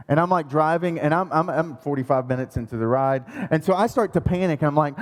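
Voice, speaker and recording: A high-pitched man preaching in a church. He is animated and self-mocking, acting out sounds and panic as he tells a story. His voice rings out with a long echo through a large hall. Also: a little fast, hardly any pauses. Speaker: pastor. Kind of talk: sermon storytelling.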